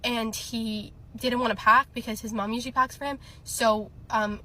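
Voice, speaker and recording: Young woman, chatty storytime teller, laughs a lot, brightish higher voice. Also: fairly even intonation, moderate pace. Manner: chatty, laughing often, many fillers. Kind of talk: casual storytime.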